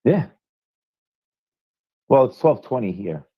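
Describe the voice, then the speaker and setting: A man, a coach, chatting in a mellow, laid-back way as a guest on a podcast. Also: medium pitch, big pitch swings, takes it slowly, husky, highs cut off. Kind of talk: casual chat.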